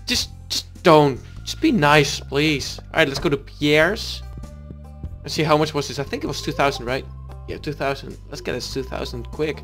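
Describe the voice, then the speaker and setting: A man's voice: a little high, unhurried, a bit bright, faint music behind. A man giving casual gameplay commentary as a let's play host, reading in-game dialogue aloud and chatting back to it.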